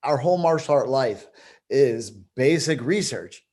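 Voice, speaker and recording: A man's voice: mid-range voice, expressive, measured pace, a little mellow. A man, a martial arts instructor, talking casually in a group conversation, restarting his sentences as he thinks aloud. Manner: rambling, repeats words while thinking aloud.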